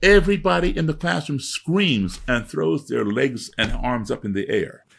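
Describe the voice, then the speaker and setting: Middle-aged male guest, raspy and gravelly, lively pitch, emphatic lecturing storyteller. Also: normal speed. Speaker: guest speaker. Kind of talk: storytelling interview.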